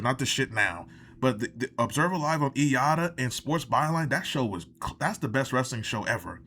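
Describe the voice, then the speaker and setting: Brief: male reviewer, exasperated and profane ranting commentary, slightly high voice that swings widely. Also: fairly bright tone, a little hiss or hum. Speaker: wrestling show reviewer.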